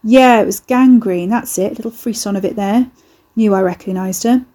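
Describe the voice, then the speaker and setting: A woman's voice: medium pitch, moderate pace, dark tone, natural voice. A woman voicing a sardonic young man who works curses, mocking, offhand and crude.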